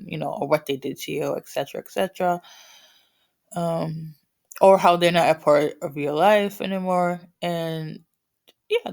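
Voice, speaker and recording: A woman's voice: low-pitched, gravelly, a little mellow. A woman with a morning voice giving a casual spiritual reading to viewers, rambling with many fillers and restarts. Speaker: spiritual reader.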